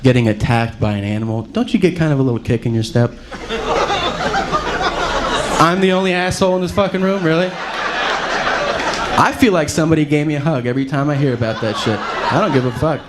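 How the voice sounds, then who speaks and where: Profane stand-up comic in noisy live recording. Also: male voice, fairly high pitch, fairly quick, pauses often. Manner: profane, conspiratorial, acts out animals. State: out of breath. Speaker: stand-up comedian. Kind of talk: stand-up set. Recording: live club recording with loud noise.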